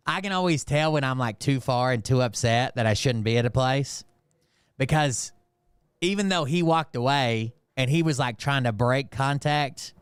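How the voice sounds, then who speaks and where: A man's voice: medium pitch, clear, resonant tone, no room sound. A man casually retelling a heated run-in with lots of swearing and filler words. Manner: profane, rambling, heated retelling full of fillers. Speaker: channel host. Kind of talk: casual storytelling.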